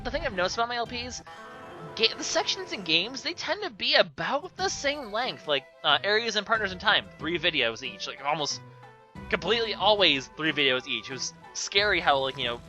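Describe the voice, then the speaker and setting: A young man talking through a video game in a loose, rambling way, tossing off sarcastic jokes between fillers. His voice sits fairly high and sounds very bright and sharp-edged, with faint game music playing underneath. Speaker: let's play commentator. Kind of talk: casual gameplay commentary.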